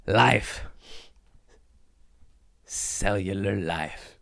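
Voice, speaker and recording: Rowdy low-voiced man ranting on a podcast. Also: expressive, measured pace. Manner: loud, rambling, laughs at his own jokes. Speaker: podcast host. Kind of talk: casual profane podcast rant. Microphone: studio podcast mic.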